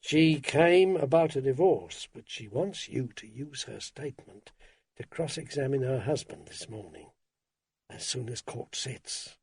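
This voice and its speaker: A man voicing a crude, gloating middle-aged client, speaking low and slow. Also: a little mellow, slightly rough, no room sound.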